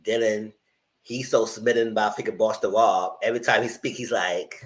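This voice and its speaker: A man giving casual, animated commentary on reality TV, voice only, speaking straight to his viewers in slangy talk. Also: on the low side, moderate pace, poor audio. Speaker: TV review host. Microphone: voice only, no camera.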